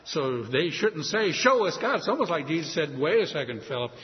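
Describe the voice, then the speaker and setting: A man preaching a sermon, animated and acting out quoted voices. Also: on the high side, a little fast. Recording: muffled hall with long reverb.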